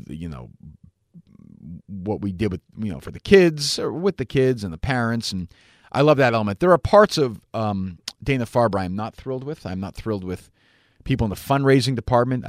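With a fairly low voice captured in a dry, studio-quality recording, a man hosts a radio talk show. His answers to listener questions wander, come out blunt, and now and then turn profane.

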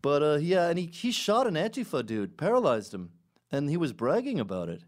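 Man, middle-aged, podcast host, sarcastic storyteller, slightly high voice, very expressive pitch. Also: a little fast. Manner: animated storytelling with sarcastic asides. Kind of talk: casual podcast monologue.

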